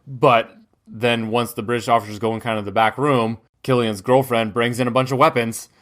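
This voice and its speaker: A man's voice: medium pitch, level tone, normal speed, fairly bright tone. A man from the United States, co-hosting a podcast and talking loosely about a film, with lots of fillers and restarts. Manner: rambling, many fillers and restarts. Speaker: podcast co-host. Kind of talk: casual film discussion.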